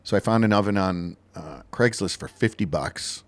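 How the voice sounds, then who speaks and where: A man co-hosting a casual chat, telling stories in a rambling, animated way. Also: deep voice, moderate pace. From Texas, US. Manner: rambling, animated storytelling with laughs. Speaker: co-host.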